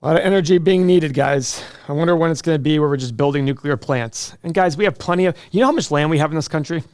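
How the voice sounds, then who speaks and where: A man's voice: on the high side, quick pace, darkish tone, no room sound, clean studio sound. A middle-aged man hosting a casual livestream, answering viewer questions with jokes and self-deprecating asides.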